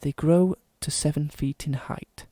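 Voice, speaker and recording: A man putting on a slow, pompous posh announcer voice for comic readings. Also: mid-range voice, completely flat delivery, no echo, natural voice. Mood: mock-posh. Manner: slow, measured, overly formal.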